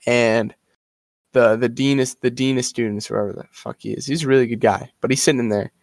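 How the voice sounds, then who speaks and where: Young male co-host, casual profane storyteller, mid pitch, dry close mic. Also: fairly even intonation, a little fast, gravelly, no room sound. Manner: profane, rambling, repeats himself. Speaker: podcast co-host.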